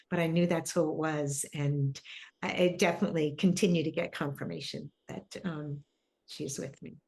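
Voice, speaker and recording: A woman's voice: lowish voice, darkish tone. A woman guest in an interview, telling a personal story in an earnest, reflective way as she searches for words. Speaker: interview guest, spiritual grief coach.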